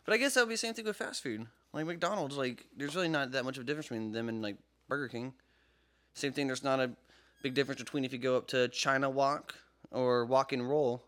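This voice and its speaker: A man co-hosting a podcast in casual chat, rambling and swearing, with sudden loud outbursts, recorded in a podcast studio. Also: mid-range voice, fast talker. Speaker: podcast co-host.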